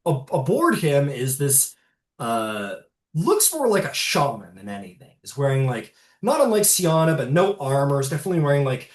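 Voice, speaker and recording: A man's voice: medium pitch, big pitch swings, moderate pace. A man narrating a tabletop game as game master, rambling loosely with fillers and swearing. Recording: roomy, distant mic.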